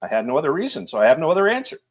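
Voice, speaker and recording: A man voicing a stolid young male Highlander who answers in a flat, cold and deadly literal way. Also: rapid-fire.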